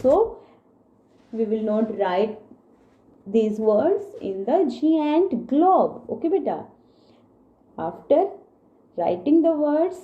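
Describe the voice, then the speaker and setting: A woman's voice: fairly high pitch, dark tone, highs cut off. A woman teacher gives a phonics lesson to young children, spelling words out letter by letter and explaining patiently.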